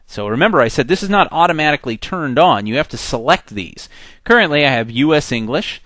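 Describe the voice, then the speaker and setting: A man teaching a software tutorial in a chatty way, acting out the program's messages in little voices. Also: fairly high pitch, lively intonation, brisk, no room sound. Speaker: software instructor. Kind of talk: screen-recorded software tutorial.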